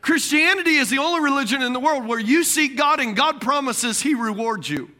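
A man preaching a sermon, asking the congregation questions, repeating key words and swinging between loud bursts and quiet lines. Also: extremely high pitch, lively intonation, fairly quick. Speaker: pastor.

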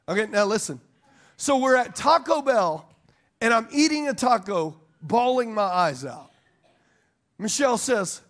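A male pastor preaching a sermon to a congregation, telling animated, joking stories and laughing often. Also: very high-pitched, a little slow. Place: church service before a congregation.

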